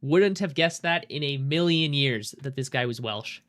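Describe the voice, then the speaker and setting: A man's voice: mid-range voice, expressive, normal speed, fairly bright tone. A young man streaming a game, chatting loosely with his viewers and swearing casually. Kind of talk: casual live-stream chat while gaming.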